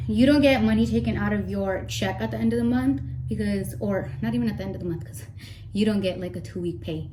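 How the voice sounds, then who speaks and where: A young woman talks casually while putting on her makeup in a get-ready-with-me chat, slightly breathless and rambling with playful asides. Her voice is medium-pitched, and the background is noisy.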